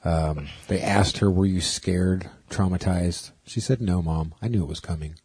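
A radio co-host telling stories in easy, casual chat, and he slips into other voices as he goes. His voice is husky and mellow, recorded dry and close. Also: deep voice, normal speed, no room sound. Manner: animated storyteller, acts out voices.

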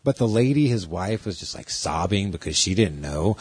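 A man's voice: low voice, lively intonation, moderate pace, darkish tone, slightly rough, no echo. A man co-hosting a podcast, telling stories in casual, profane chat and mimicking the people he quotes. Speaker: podcast co-host.

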